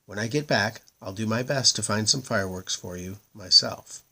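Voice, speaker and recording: Man doing a polite storybook prince, low, husky, mild, lively pitch. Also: normal speed, exaggerated voice. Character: polite, plucky young prince.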